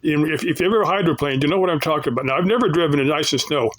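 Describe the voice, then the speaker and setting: A YouTuber answering viewers talks very fast in a fairly high, slightly bright voice, and the audio quality is poor. His off-the-cuff talk is rambling and folksy, with frequent sentence restarts.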